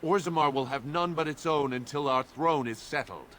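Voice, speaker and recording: An actor playing a stern dwarven gate guard who speaks in a firm, official way. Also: male voice, fairly high pitch, normal speed, a bit bright, a little hiss or hum, lightly acted. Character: stern dwarf gate guard, middle-aged man.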